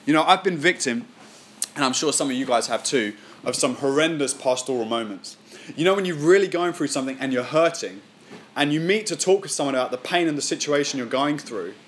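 A man giving a Sunday sermon as the speaker at church, reading scripture slowly and then acting out quotes and voices with lively emphasis. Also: medium pitch. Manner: animated preaching, acts out voices and quotes. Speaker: pastor.

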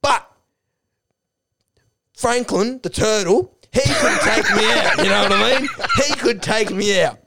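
A man's voice: high voice, animated, unhurried, vocal fry, pauses often, very noisy, heavily acted. A man doing a manic, ranting, drug-addled ex-footballer. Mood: rambling defensive. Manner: ranting, crude, defensive, yelling. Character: a drug-addled, hot-headed former footballer pundit.

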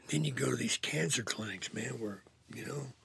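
A man telling a blunt, profane personal story as a show's host, often sinking to a hushed near-whisper. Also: mid-range voice, moderate pace, vocal fry, husky, dry recording.

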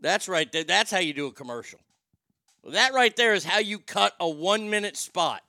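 A man's voice: sits high, animated, normal speed, sharp tone, no room sound, studio quality, faint music behind. Rambling, crude male comedy host. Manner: crude, rambling, self-mocking. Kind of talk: improvised comedic rant.

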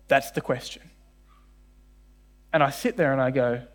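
A man preaching a sermon in church, animated and often acting out the voices in his stories. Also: medium pitch, moderate pace, long pauses. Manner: animated, acts out voices in quoted dialogue. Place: church service with congregation.

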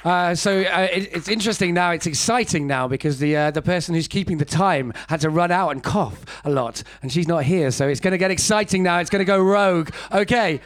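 Male compere with a high voice, hesitant and flustered, introducing acts on stage. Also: a little fast, hardly any pauses, a bit bright, dry recording. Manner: flustered, hesitant, with many restarts. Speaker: compere of a comedy night. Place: comedy club stage.

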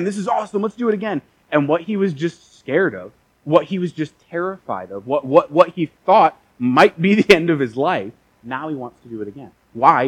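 A man's voice: medium pitch, husky, dry recording, dull audio. A young adult man preaching a sermon in an earnest, conversational way, often restarting his sentences. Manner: earnest and conversational, with frequent restarts and acted asides.

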